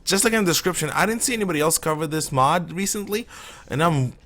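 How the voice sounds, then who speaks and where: A man's voice: a little high, lively intonation, fast talker, a bit bright. A man streaming a shooter game live, rambling and opinionated as he plays. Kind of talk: casual live gameplay commentary.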